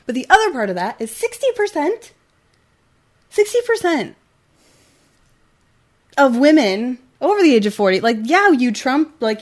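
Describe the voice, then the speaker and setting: Earnest young woman talk-show co-host. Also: high-pitched. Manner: earnest, many "like" fillers, gets emotional. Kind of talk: casual heartfelt talk-show chat.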